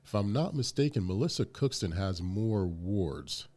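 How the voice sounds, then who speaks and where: Very deep-voiced man chatting casually. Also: normal speed. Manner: animated, emphatic storytelling with many fillers. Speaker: podcast co-host. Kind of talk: casual podcast chat.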